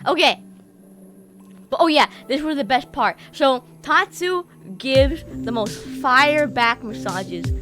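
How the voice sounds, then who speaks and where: A young woman streamer from the United States, her voice sitting a little high. She chats casually, rambling, swearing freely and laughing often, over clearly audible background music. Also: lively intonation, takes it slowly. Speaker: VTuber streamer.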